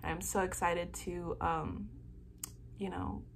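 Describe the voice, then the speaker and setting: A young woman vlogging an excited unboxing from home, gasping and squealing over fan merchandise. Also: on the low side, takes it slowly, vocal fry, slight background noise.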